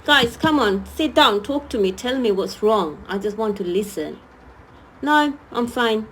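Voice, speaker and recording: A woman's voice: mid-range voice, normal speed, a bit bright, a little hiss or hum. A woman hosting a live-stream talk, speaking earnestly and pleading with her viewers, often repeating herself. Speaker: host.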